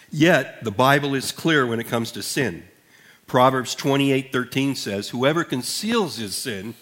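A male pastor in the middle of a sermon, his voice sitting at an ordinary pitch for a man. He speaks earnestly and deliberately, leaning into each line of scripture he reads aloud. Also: fairly bright tone.

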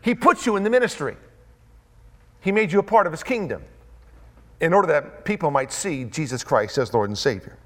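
A male preacher delivers a sermon in a high voice. He works through points with emphatic repetition and leaves dramatic pauses, and his pitch swings widely and lively throughout. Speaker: pastor.

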